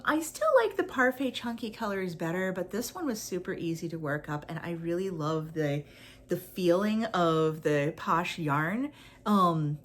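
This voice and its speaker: A woman talking chattily through her crochet project in a casual crafting vlog, upbeat and with frequent fillers. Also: fairly low pitch. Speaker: crochet pattern designer.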